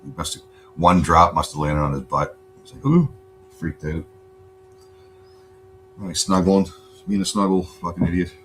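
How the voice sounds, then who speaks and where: A very deep-voiced man talks on his home livestream in a loose, rambling way, with swear words dropped all through. Under his voice runs a faint steady hum. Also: moderate pace, pauses often. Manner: laid-back, rambling, swears a lot. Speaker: livestream host. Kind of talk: casual chat.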